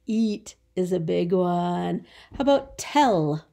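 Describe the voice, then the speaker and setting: This is a woman teacher leading a phonics lesson for small children. She speaks slowly in a mellow voice with a gravelly edge, drawing out each word patiently and encouragingly. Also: fairly low pitch, expressive. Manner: slow, drawn-out words, encouraging and patient.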